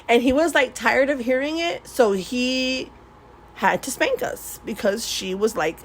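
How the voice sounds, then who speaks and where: A woman's voice: a little high, measured pace. Woman rambling thru stories while she paints, laughs a lot, cusses, tosses in spanish words, faint hiss behind. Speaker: vlogger. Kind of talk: casual storytelling while swatching paints.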